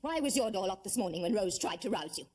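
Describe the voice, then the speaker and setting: An actress playing a firm but kindly aristocratic mistress of a household. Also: female voice, mid-range voice, animated, quick pace, breathy edge. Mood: stern. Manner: authoritative, then gently reassuring. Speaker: lady of the house. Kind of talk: period television drama.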